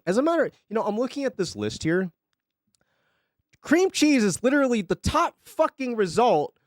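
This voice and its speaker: A man's voice: sits high, no echo. Brief: young male streamer, ranting casually and sarcastically, bouncy tone, dry close mic. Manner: sarcastic, profane, rambling. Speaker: live streamer. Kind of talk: casual chat on a live stream.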